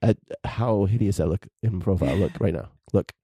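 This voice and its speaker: A man's voice: deep voice, fairly quick, warm tone, husky, dry recording. A man co-hosting a podcast in casual chat, hesitant and self-deprecating, often restarting his sentences. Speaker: podcast co-host.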